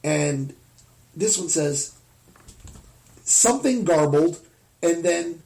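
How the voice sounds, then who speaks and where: An American man telling a rambling, animated anecdote in a casual podcast chat. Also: a little high, slow. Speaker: podcast host.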